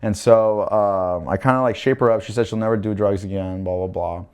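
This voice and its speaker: A young man tells a story on a podcast in a lowish voice. He rambles with fillers and acts out what other people said, and his voice rises and drops as he goes. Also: brisk, smooth. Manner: animated storytelling, acting out quoted voices, many fillers. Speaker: podcast guest. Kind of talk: casual storytelling.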